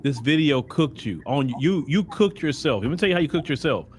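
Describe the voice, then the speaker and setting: A man's voice: fairly high pitch, sing-song, fairly quick, a little hiss or hum. A man hosting a web commentary show, blunt and mocking, speaking straight to the person he criticizes. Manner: blunt, mocking, addresses the subject directly. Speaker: host.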